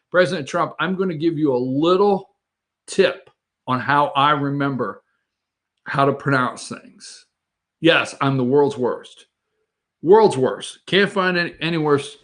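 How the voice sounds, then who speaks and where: A man's voice: a little high, a little slow, fairly bright tone. A man hosting a political talk show, rambling and opinionated, mocking the people he quotes. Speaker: host.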